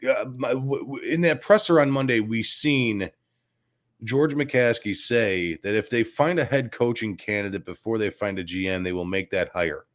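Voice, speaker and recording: A man with a South Side Chicago accent hosting a sports talk show, loud, excitable and cursing freely. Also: on the low side, moderate pace.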